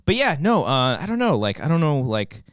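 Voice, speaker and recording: A man's voice: on the high side, big pitch swings, a little fast, dry recording, studio quality. A man co-hosting a podcast, rambling through a casual film discussion with lots of fillers and restarts, swearing freely. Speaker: podcast co-host.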